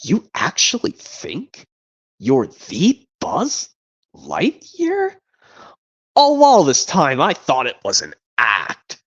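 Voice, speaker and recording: A man doing an impression of a jealous, bossy cowboy doll from an animated film, scolding and taunting. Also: on the high side, takes it slowly, breathy edge, full character voice. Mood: mocking. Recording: dull lo-fi stream audio.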